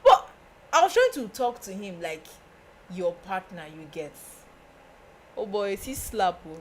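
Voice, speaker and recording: A young woman with a Nigerian accent, a podcast guest telling a story in casual chat, animated and often laughing. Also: a little slow, a little hiss or hum. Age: young adult. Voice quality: laughing, animated, breaks into high squeals.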